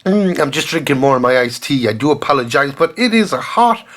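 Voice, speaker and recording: Earnest Irish man hosting a solo podcast. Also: fairly quick. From Ireland. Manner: earnest, rambling, lively rises in pitch. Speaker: podcast host.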